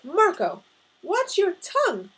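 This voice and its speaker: A woman's voice: very high-pitched, huge pitch swings, slow pace, fairly bright tone, voice pushed up, heavily acted. A woman voicing a distraught Italian mother pleading with her son in a read-aloud story. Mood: scolding. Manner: pleading, emotional.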